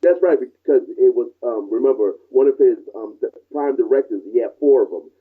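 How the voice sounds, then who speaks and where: A man's voice: medium pitch, brisk, breathy edge. A male podcast guest in casual movie chat, often chiming in with short agreements, heard over a tinny line.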